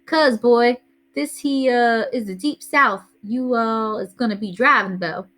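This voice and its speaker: A woman reading aloud, voicing a father who mocks a Southern man in a slow drawl broken by "uh" fillers. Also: on the high side, a bit bright, pitched above the performer's own voice. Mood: mock-menacing. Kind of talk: reading a novel aloud to a class.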